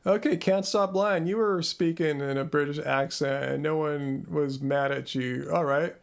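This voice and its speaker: Host, male, fairly high gravelly voice, rambling and self-deprecating, close mic. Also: steady tone, a little slow. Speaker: channel host. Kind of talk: live Q&A chat. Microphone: close studio mic.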